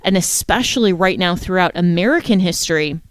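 A woman hosts a radio talk show in a smooth, resonant voice. The sound is dry and close, with no room around it. She talks emphatically and presses her guest with indignant questions. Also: lowish voice, animated, a little fast, no echo.

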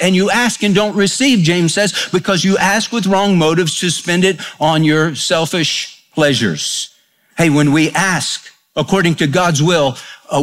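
A man's voice: fairly high pitch, a bit bright. A man preaching a radio sermon in a plain, conversational way, with folksy stories and homespun humor. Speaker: pastor.

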